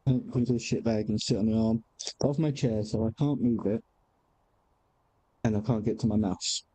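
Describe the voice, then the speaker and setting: A young man streaming a game who chats casually and talks to his cat in a high sing-song voice, then mutters to himself while he plays. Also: moderate pace, warm tone, no echo, rough recording. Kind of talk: casual livestream chat.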